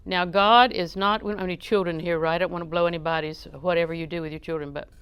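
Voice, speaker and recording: A woman's voice: fairly low pitch, fairly even intonation, quick pace, fairly bright tone, clear, resonant tone, no room sound. A woman preaching a sermon in a conversational, joking way, often questioning her audience.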